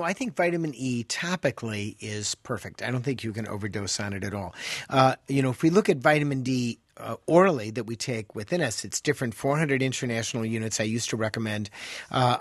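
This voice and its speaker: A man's voice: medium pitch, dry recording, studio quality. A man hosting a radio health show as its physician, playful and chuckling, fussing over how words are said. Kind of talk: casual radio chat.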